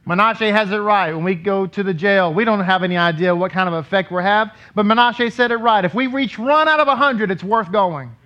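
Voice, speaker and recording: Rabbi guy giving a sermon, chatty, keeps asking the room stuff, high voice, muffled lo-fi sound. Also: fairly quick, few pauses, sharp tone. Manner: conversational, asks the congregation questions. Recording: dull lo-fi recording.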